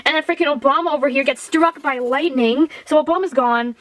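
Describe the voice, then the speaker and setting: A woman's voice: sits high, brisk, fairly bright tone, no echo, low-quality recording. A woman casually retelling a film's plot while drawing, in a rambling, irreverent way full of fillers. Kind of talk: rambling casual film recap.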